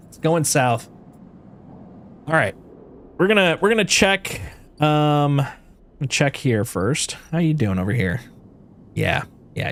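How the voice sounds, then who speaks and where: Animated swearing man playing a game. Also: medium pitch. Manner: animated, swearing, talks to chat. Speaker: streamer. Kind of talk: gameplay commentary and reading aloud.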